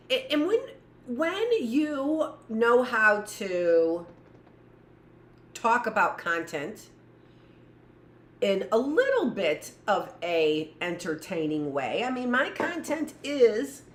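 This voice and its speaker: A woman teacher leading a livestreamed lesson for young children, talking loudly and rambling through joking asides to herself. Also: fairly high pitch. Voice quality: loud voice. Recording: echoey room.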